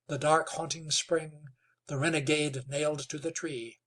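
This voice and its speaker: A man narrates a western novel aloud in an unhurried, measured manner. His voice is slightly high and husky, and he takes his time over each sentence. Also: little pitch movement, a bit bright. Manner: slow, measured reading. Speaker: audiobook narrator. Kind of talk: scripted narration.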